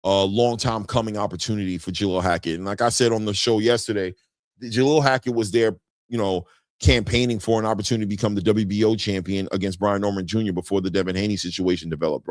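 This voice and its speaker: A man's voice: fast, no echo. A man hosting a boxing live stream in casual chat, reading viewer comments aloud and often ending his lines with "man". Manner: animated, jumps in pitch when greeting viewers. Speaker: boxing show host.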